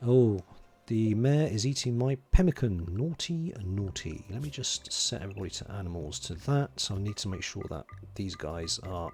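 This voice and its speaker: A man's voice: fairly low pitch, moderate pace, few pauses, a little mellow. A man from London, streaming a game, chatting casually, muttering to himself while he plays and greeting viewers in chat. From England (London). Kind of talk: casual livestream commentary.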